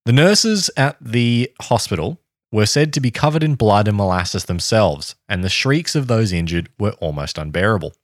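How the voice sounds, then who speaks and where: Male podcast host reading a history story, low and animated pitch, dry close mic. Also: normal speed, no room sound.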